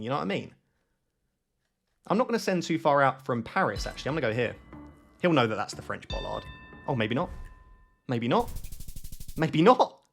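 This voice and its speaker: A man giving live gameplay commentary, thinking aloud in an excitable, self-questioning way. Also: mid-range voice, vocal fry. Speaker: gaming YouTuber.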